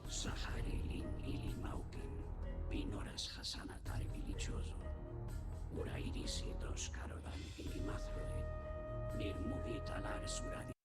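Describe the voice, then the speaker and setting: An actor voicing an ancient bird-like alien, speaking its own tongue in a breathy, unvoiced whisper from a game cutscene. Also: low voice, fairly even intonation, moderate pace. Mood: solemn. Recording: distant voice under loud game music.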